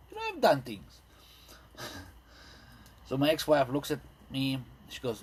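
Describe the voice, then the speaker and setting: A man in his thirties doing a rambling, self-deprecating stand-up set, full of ums and pauses. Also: on the high side, wildly swooping pitch, breathy edge. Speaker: stand-up comedian. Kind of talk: stand-up set streamed live. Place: indoors at home.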